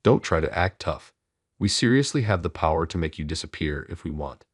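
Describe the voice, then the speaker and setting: Brief: low, husky young thugs, jeering, read by a man narrator. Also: lively intonation, fairly quick, no room sound, studio quality. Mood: taunting. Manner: taunting, insulting. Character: three rude young male thugs.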